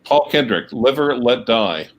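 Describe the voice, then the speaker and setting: Co-hosting a livestream, a man cracks jokes and reads aloud jokey comments from viewers in casual banter. His mid-range voice is animated, at a measured pace, with a little hiss or hum in the background.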